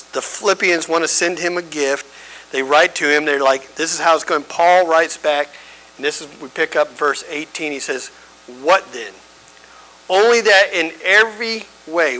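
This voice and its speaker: Bright-voiced man teaching Bible study. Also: on the high side, low-quality recording. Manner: conversational, emphatic, checks in with the audience. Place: church.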